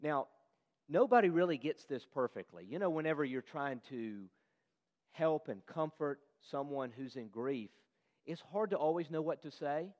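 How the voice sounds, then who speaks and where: A man delivers an earnest sermon, often turning to his listeners with questions. His voice sits a little high. The sound rings with a long reverb from a big hall. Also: expressive, moderate pace, darkish tone, highs cut off. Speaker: pastor.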